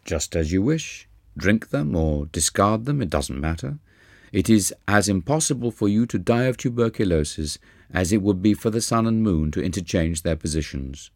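Narrator guy doing a stern old guru, grave, slow and low, dry sound. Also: lively intonation, a little mellow, dry recording. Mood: reassuring. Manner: grave, measured. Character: stern older male guru, grave, exacting.

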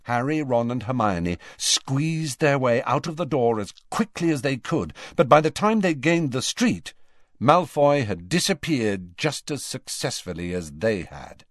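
A man reading an audiobook aloud in an expressive, varied way. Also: medium pitch, a little slow, no echo, studio quality. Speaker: audiobook reader. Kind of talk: audiobook narration.

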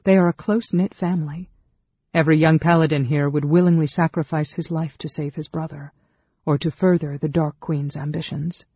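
A woman's voice: low voice, fairly even intonation, brisk, warm tone, slightly rough, dry recording, lo-fi sound. A narrator voicing Sarah, a tense, earnest woman who speaks with urgency. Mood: urgent.

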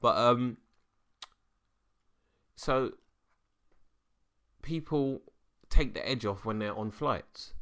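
A man co-hosting a podcast in casual chat, an animated storyteller who swings his voice around. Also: medium pitch, extremely slow, pauses often, clear, resonant tone. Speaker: podcast co-host.

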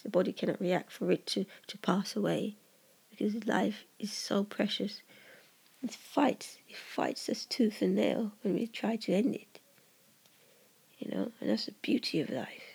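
A gravelly, husky voice talks through a personal poem in an earnest, reflective monologue. The delivery is halting, with restarts and frequent drops into a breathy whisper. It sounds like a poet working through their own words aloud. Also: mid-range voice, a little mellow.

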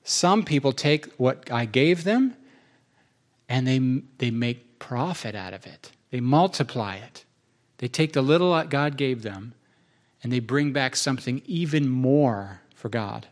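A man hosting a casual, earnest chat, telling stories in an animated way and slipping into quick acted asides. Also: mid-range voice. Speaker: podcast host.

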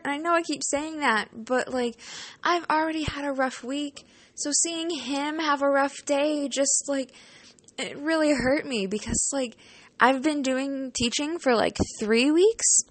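A woman's voice: fairly high pitch, unhurried, no echo. Chatty young woman telling a story. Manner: chatty and emotional, heavy on "like" and "you know"; swears casually. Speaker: student teaching partner. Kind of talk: casual storytime vlog.

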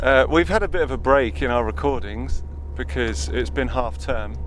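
A man co-hosting a casual podcast, speaking softly and a little sheepishly. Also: medium pitch, moderate pace, a little hiss or hum. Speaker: podcast co-host. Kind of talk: casual chat.

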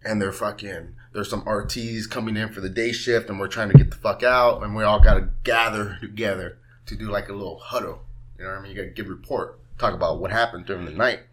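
A man's voice: on the low side, fairly even intonation, fast talker. A man telling a rambling, profane story in a casual podcast chat, often laughing as he talks. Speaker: podcast co-host.

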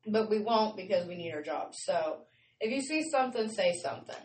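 A woman's voice: mid-range voice, lively intonation, fairly quick, distant mic. A woman hosting her show in a casual, rambling, chatty way, often laughing. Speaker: show host. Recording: roomy sound from off-mic with faint noise.

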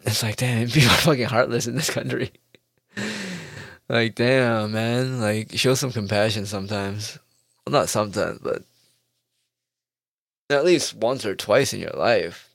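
A man's voice: fairly low pitch, normal speed, vocal fry, dry recording. Guy ranting, sarcastic, cussing, laughs a lot, dry close sound. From United States. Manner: sarcastic, profane, laughing often. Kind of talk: comedic rant.

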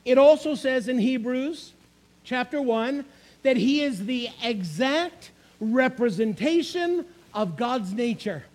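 A man delivers a sermon in a very high-pitched voice. He is emphatic, repeating key phrases and asking his listeners questions. His delivery is that of a preacher teaching from the pulpit. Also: expressive, slow pace, darkish tone, low-quality recording.

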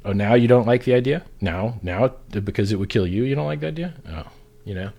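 A man's voice: mid-range voice, lively intonation, a little fast, gravelly, mellow. A man on a casual talk show, ranting bluntly and swearing constantly in a heated, profane way.

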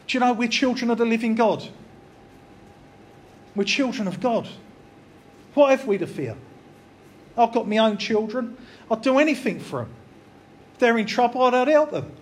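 A man's voice: very high voice, lively intonation, normal speed, long pauses. A man preaching an informal, earnest sermon, talking plainly and repeating phrases for emphasis. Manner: earnest, repetitive, conversational preaching.

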